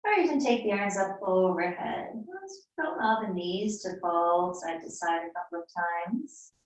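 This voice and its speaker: A woman yoga teacher giving slow, soothing, unhurried cues in a live class. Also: fairly low pitch, lively intonation. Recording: echoey room, mic far off.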